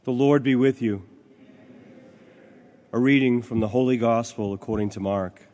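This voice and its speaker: A man proclaiming a gospel reading at Mass in a measured, formal way. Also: medium pitch, dark tone. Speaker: gospel reader. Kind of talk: liturgical reading. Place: church.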